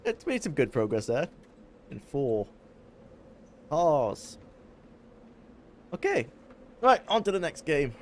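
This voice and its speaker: A young man with a Welsh accent chatting casually while streaming a game, barking quick orders at his squad. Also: a little high, huge pitch swings, slight background noise. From Wales. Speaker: livestreamer. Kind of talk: live gameplay commentary.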